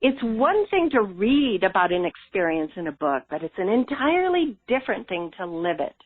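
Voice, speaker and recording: A woman's voice: medium pitch, moderate pace, no room sound. Woman on a tinny phone line. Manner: laughs often, lively and earnest. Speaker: interview guest, spiritual coach. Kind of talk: conversational storytelling.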